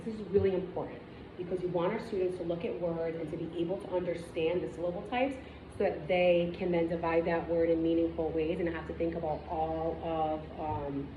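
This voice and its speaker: Encouraging woman teaching a reading lesson. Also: fairly low pitch. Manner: clear, encouraging, step-by-step instruction. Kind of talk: demonstration lesson with teacher commentary. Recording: echoey room, dull and noisy sound.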